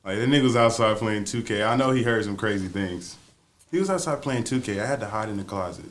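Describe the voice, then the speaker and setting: A man's voice: lowish voice, quick pace. A young man on a podcast casually telling a profane, playful story, laughing as he goes.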